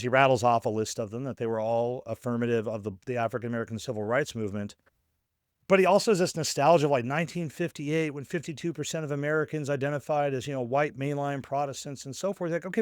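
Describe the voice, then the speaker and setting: A man's voice: mid-range voice, dry recording. Analytical man, dry close sound. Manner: thinks aloud, frequent "right?" tag questions and restarts. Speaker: podcast co-host; scholar of religion. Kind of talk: analytical casual discussion.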